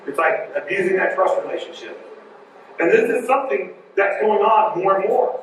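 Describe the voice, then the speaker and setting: A man with a high voice gives a conference talk in a jokey, animated way. He sounds far from the mic, and his voice rings through a large, very echoey hall. A faint room ambience hums behind him. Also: quick pace, slight background noise. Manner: joking, animated, digressive. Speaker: conference speaker.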